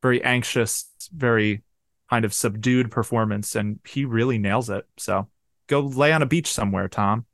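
A man's voice: mid-range voice, fairly even intonation, normal speed, a bit bright, no echo, studio quality. A man co-hosting a pop culture podcast, talking in an easygoing, enthusiastic way with frequent filler ums. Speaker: podcast co-host. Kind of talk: casual chat.

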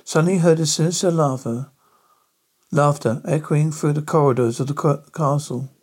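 A man reading a spooky story aloud in a halting manner, stumbling over words. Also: on the high side, darkish tone, husky. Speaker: narrator.

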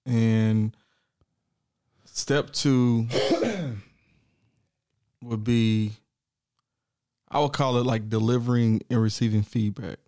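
A man's voice: lowish voice, level tone, mellow, smooth, dry recording. A young man co-hosting a podcast, thinking aloud in casual chat and often stopping to restart his sentences. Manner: reflective, halting, restarts often. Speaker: podcast co-host.

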